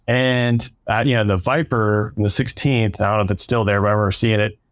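A man's voice: lowish voice, steady tone, fairly quick, no echo, studio quality. A man hosting a podcast, asking a long, loose question full of fillers in casual interview talk. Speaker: podcast host.

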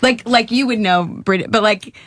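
Playful higher-voiced woman on a podcast. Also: moderate pace, fairly bright tone, no room sound. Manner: playful, tries out comic accents, laughs often. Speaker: guest host. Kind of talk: casual chat.

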